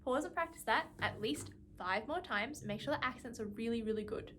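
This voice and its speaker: A woman's voice: a little high, lively intonation, fairly quick. A woman music teacher giving an instrumental lesson, patiently explaining and counting beats aloud.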